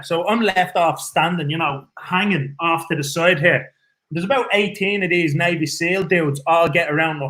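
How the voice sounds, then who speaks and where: Irish man telling stories, fairly high voice. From Ireland. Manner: swears freely, animated storyteller. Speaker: guest. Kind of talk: casual storytelling chat.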